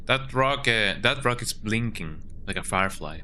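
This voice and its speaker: Bright, lively male streamer. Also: fairly low pitch, moderate pace, a little hiss or hum. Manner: playful, jokey, keeps tagging lines with "eh?". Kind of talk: casual gameplay commentary.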